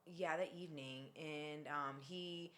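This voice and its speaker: Woman, casual podcast chat, bright voice, animated, swearing, lots of "like". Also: deep voice, slow pace. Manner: animated, swears freely, many fillers. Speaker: podcast host.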